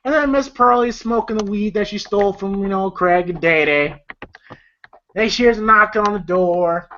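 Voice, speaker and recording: Woman movie reviewer, casual rambling delivery, heavy swearing, middle pitch, dull lo-fi recording. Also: normal speed, a bit bright, a little hiss or hum. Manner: rambling, profane, laughs often, many fillers. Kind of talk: casual retelling of film scenes.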